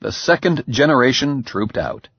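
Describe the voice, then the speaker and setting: A man narrating an audiobook in an expressive, measured way. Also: medium pitch, gravelly, husky, no echo. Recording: slightly dull, dry recording.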